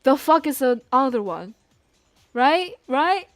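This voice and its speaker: Female gaming streamer, high-pitched and excitable, dry close mic. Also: slow pace, long pauses, no echo, faint music behind. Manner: excitable, laughs a lot, reads dialogue aloud. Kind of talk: excited gameplay commentary.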